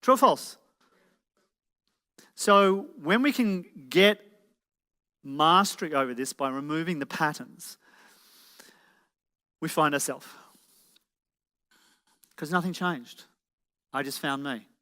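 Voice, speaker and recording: A man's voice: on the high side, slow, long pauses, pushed and bright. A man giving a live motivational presentation, peppering the audience with rhetorical questions. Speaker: motivational speaker. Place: event hall with an audience. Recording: reverberant hall.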